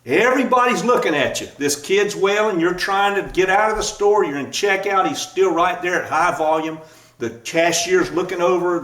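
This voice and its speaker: A man giving a sermon, telling a lively personal story and laughing at himself as he goes. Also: sits high, normal speed. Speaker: pastor. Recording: echoey room, mic at a distance.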